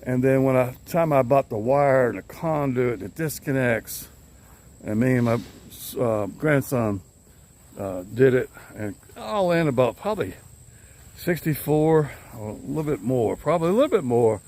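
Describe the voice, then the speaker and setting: An older man chats loosely to his phone while walking around his yard. His voice sits at an ordinary middle pitch, and his talk meanders with easy chuckles. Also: lively intonation, normal speed, darkish tone. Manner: rambling, easygoing, chuckles often. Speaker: vlogger. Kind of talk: casual chat to camera. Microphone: handheld phone camera.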